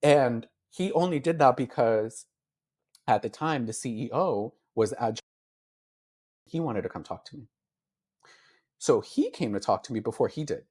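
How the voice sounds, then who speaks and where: A man's voice: medium pitch, lively intonation, unhurried, long pauses, a little mellow, husky. A beauty influencer, a man, speaking as an interview guest, telling his story in a heartfelt way with many fillers and acting out his own past thoughts. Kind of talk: candid emotional interview.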